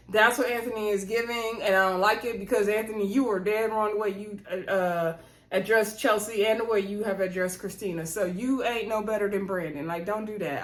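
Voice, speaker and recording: A woman recapping a reality show in a sassy, animated way, acting out the quoted lines. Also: medium pitch, roomy sound. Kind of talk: casual recap chat.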